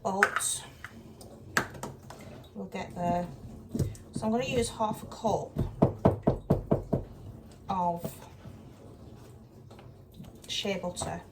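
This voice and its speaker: A woman's voice: medium pitch, drawn-out words, long pauses. Chatty woman in kitchen. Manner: chatty, exasperated asides. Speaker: vlogger. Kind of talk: casual kitchen vlog. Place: cold home kitchen. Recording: distant mic, loud kitchen noise. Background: clattering dishes and pans.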